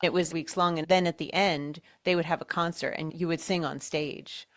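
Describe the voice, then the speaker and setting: A woman's voice: sits low, steady tone, normal speed. A middle-aged woman co-hosting a podcast, giving short encouraging replies and telling her own stories. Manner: supportive, brief encouraging replies. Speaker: podcast co-host. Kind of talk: casual chat.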